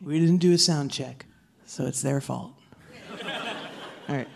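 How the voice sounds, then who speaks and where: A woman comedian doing a live stand-up set, brisk and sarcastic, on a theater stage. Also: low voice, creaky, darkish tone, a little hiss or hum. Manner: brisk, sarcastic, slips into mocking character voices.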